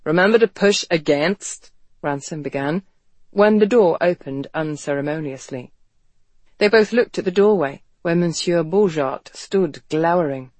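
An audiobook narrator reads a novel in a measured, expressive way. The voice sits in the middle range. The recording is close and dry, with no room sound. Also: mid-range voice, no room sound. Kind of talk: scripted narration.

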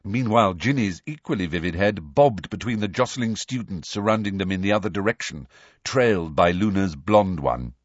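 A man reading a novel aloud as an audiobook narrator, measured and even. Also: sits low, dry recording, muffled recording.

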